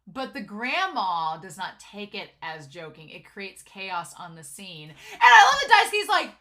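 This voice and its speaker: A woman chatting casually through an episode recap, full of "like" and quick asides. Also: medium pitch, sing-song, sharp tone. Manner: chatty, giggly, lots of "like" and filler. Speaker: anime reviewer.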